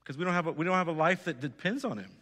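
A man preaches a sermon in a church sanctuary, his voice bright and forceful and set a little high. He speaks earnestly and exhorts his listeners, often asking them direct questions. The sound carries a long reverb from the hall. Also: very fast. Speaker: pastor.

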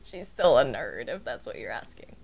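A woman's voice: extremely low pitch, very animated, normal speed, creaky, very noisy, exaggerated voice. A woman playing a flustered, giggly young nerd. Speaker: roleplay player. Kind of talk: casual Minecraft roleplay.

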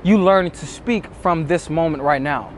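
Speaking to camera at a measured pace, a man with a voice on the high side gives motivational dating advice. He's emphatic and voices nervous men's inner thoughts as quoted asides. Slight hiss or hum is audible.

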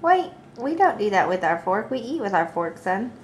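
A woman's voice: mid-range voice, sing-song, normal speed, a little hiss or hum. Woman coaxing her toddlers. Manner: coaxing, sing-song talk to toddlers. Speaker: mother. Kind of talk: talking to her small children on camera.

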